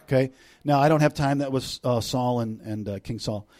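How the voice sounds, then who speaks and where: A middle-aged man delivers a sermon to a church congregation in an ordinary, mid-pitched voice. He is animated, jumping from loud, high bursts down to quiet, close passages. He keeps it conversational, with joking asides to the room. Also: moderate pace. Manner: animated, swings between loud bursts and hushed intimate passages. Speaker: visiting preacher.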